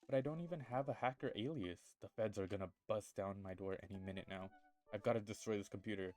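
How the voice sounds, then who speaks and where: A man playing through a story game, reading its dialogue aloud in an animated, jokey way and switching between character voices. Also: lowish voice, fast, faint music behind. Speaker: gaming YouTuber.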